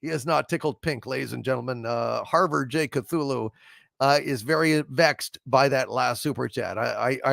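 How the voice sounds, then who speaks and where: A man's voice: mid-range voice, normal speed, creaky, a bit bright, no room sound, studio quality. A man hosting a casual livestream, rambling with many fillers as he hails viewers and reads their messages. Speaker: livestream host.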